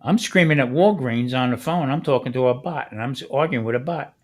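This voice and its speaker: A man talking on a relaxed podcast, with a voice in the middle range for a man. He tells stories with animation and slips into the voices of people he quotes. He speaks loosely and conversationally, in an easygoing back-and-forth with the others. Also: medium pitch, brisk. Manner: animated storyteller who acts out the people he quotes. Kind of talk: casual podcast chat.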